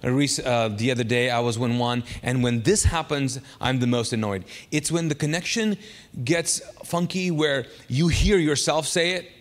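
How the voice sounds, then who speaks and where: A man preaching a sermon as pastor, lively and chatty, acting out funny stories with sudden loud bursts. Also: mid-range voice, moderate pace, long reverb tail. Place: church sanctuary.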